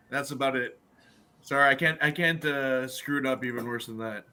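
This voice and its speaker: A man's voice: mid-range voice, normal speed, sharp tone. A man on a panel chatting casually, joking and swearing freely. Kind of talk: casual chat.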